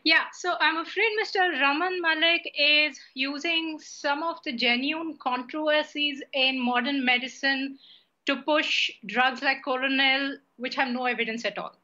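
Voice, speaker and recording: A woman panelist on a TV debate, making her point in a measured, explanatory way. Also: sits high, fairly even intonation, sharp tone, highs cut off. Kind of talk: TV debate argument.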